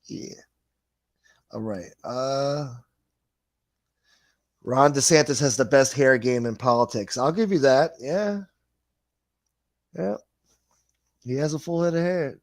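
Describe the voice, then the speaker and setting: A man's voice: medium pitch, slow, pauses often, no echo. A man hosting a livestream in a casual chat, reading viewer comments aloud in a laid-back, rambling way and swearing freely. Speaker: livestream host.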